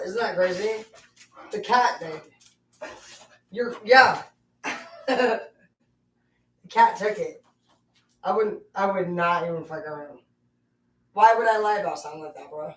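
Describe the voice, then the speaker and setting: A woman's voice: mid-range voice, slow, long pauses, a bit bright, slight background noise. A woman chatting casually at home. She is playful and salty-mouthed and slips into a singsong tone for her pets. Her mid-height voice sits back from the mic in a roomy, echoing space. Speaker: vlogger. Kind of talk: casual chat to her dogs. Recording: echoey room, distant mic.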